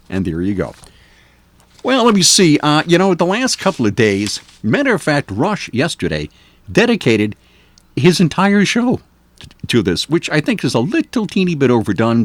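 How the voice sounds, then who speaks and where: Older male AM radio host, opinionated and chatty with lots of fillers, animated delivery, close dry studio mic. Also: mid-range voice, no echo. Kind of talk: casual talk radio commentary.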